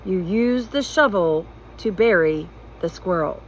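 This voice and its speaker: A woman reading a storybook aloud, voicing a stern, practical mother who talks slowly and insistently. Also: lowish voice, expressive, slight background noise, poor audio. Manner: slow, insistent, spells words out. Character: stern, practical, impatient middle-aged mother.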